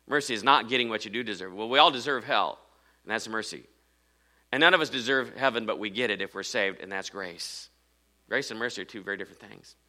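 A man's voice: lowish voice, brisk, sharp tone. A man preaching a sermon, earnest and repeating phrases for emphasis. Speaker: pastor.

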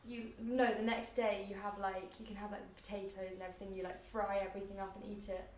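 A young British woman chatting casually in an understated, low-key way. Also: level tone, fast, darkish tone, reverberant, slight background noise. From Britain. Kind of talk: casual chat.

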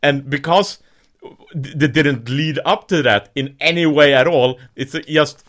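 A man's voice: a little high, a little slow, a bit bright. Exasperated man complaining on a podcast. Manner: exasperated, complaining, laughs between points. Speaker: podcast co-host. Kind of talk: casual chat.

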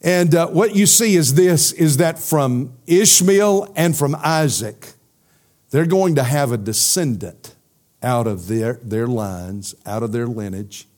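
A middle-aged man preaching a sermon and then answering questions from his congregation, emphatic, sinking to a soft intensity at key points. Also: medium pitch, takes it slowly.

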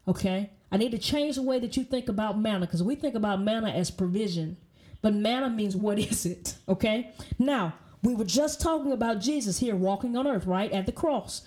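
A woman's voice: mid-range voice, normal speed, mellow. A woman teaching a Bible study in an emphatic way, often checking in with "okay?" and restarting her sentences.

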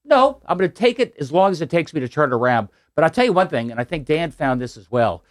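A man's voice: fairly high pitch, big pitch swings, fast, dry recording, studio quality. A man in his sixties, a political candidate answering radio interview questions in an upbeat, persuasive way with some restarts. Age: 60s. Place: radio studio.

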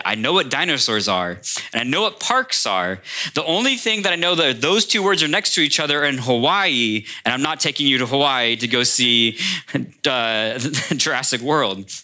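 A man, a pastor, preaching a sermon to his congregation as a lively storyteller who speaks straight to the room. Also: mid-range voice. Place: church before a congregation.

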